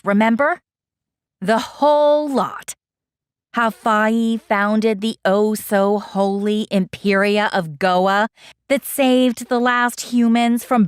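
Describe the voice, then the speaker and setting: A woman's voice: on the high side, slow pace, clean tone, no room sound, clean studio sound. A woman voicing an angry, defiant female teacher in an audiobook, sarcastic and biting. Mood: scornful. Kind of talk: audiobook character voice.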